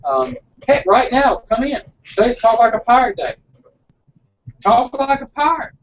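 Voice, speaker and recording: A man's voice: extremely high pitch, a little slow, recorded from a distance, dull audio. A man who owns a small frozen yogurt shop, chatting earnestly and a bit rambling on a casual live broadcast.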